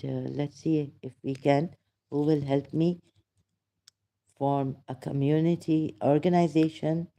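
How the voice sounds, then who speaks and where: A man hosting a rambling livestream monologue, emphatic and indignant, halting often with fillers. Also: mid-range voice, creaky, mellow. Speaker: channel host.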